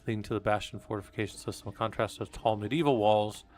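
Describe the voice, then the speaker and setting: Low-voiced man reading research aloud. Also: fairly even intonation, fast talker, over loud music. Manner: reads passages aloud then comments, with fillers and restarts. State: coughing, hiccups. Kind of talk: casual live-stream reading aloud.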